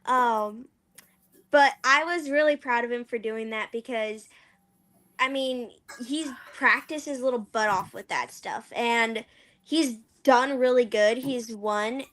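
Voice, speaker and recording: A teenage girl with a high voice, chatting as a guest on a live stream. She tells her stories eagerly and laughs easily. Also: slow, fairly bright tone. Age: teens. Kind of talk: casual chat.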